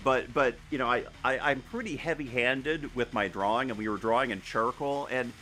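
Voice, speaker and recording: A man's voice: mid-range voice, moderate pace, sharp tone. A man chatting casually with viewers while he paints live, rambling and self-deprecating, with many restarts and laughs. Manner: talks to viewers as he works. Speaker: artist streaming a live painting session.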